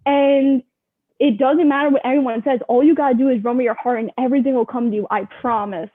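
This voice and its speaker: A young woman with a high, bright-pitched voice tells stories in an animated rush, peppering every sentence with "like." She sounds thin and tinny, as if she is coming through a phone-line call. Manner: animated, rapid storyteller, full of "like". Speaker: guest. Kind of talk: casual interview storytelling.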